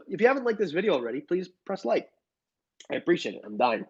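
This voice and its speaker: A man's voice: sits high, wildly swooping pitch, moderate pace, fairly bright tone, husky. A young man hosting a casual reptile livestream, joking and reading chat comments aloud. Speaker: reptile channel host answering live chat. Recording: dull lo-fi stream audio.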